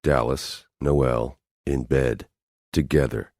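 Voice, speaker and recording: A man's voice: a bass voice, fairly even intonation, takes it slowly, darkish tone, no room sound. A man narrating a romance audiobook in an intense, dramatic way on a close studio mic. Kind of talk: scripted narration.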